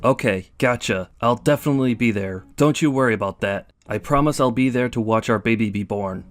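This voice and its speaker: A young husband with a low, steady voice, promising to be there. He sounds calm and reassuring, read as a text message story over faint music. The timbre is unlike the reader's own. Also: fairly quick.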